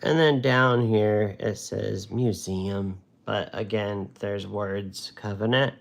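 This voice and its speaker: On a live stream, a watercolor instructor chats and jokes as he paints, rambling through a casual art lesson. His voice sits on the low side, creaky and slow, with fairly even intonation and few pauses.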